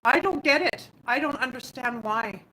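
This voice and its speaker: A woman's voice: sits high, lively intonation, moderate pace, pushed and bright. A woman hosting a casual live stream from her home kitchen on a phone, chatting and reading out viewer comments as she answers them. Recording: echoey room, faint background hum.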